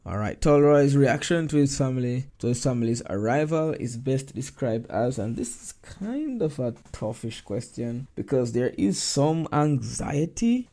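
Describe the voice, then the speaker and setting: Gravelly-voiced man explaining exam answers. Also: mid-range voice, dark tone. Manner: explanatory, reads passages aloud in character. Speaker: teacher.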